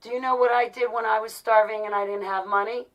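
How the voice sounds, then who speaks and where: A woman in her forties speaks straight to her viewers in a heated, exasperated monologue. She repeats herself as she pleads and complains. Her voice sits fairly high, and she is a little far from the microphone. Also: fairly even intonation, quick pace, fairly bright tone. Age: 40s. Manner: exasperated, ranting, repetitive pleading. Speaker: vlogger.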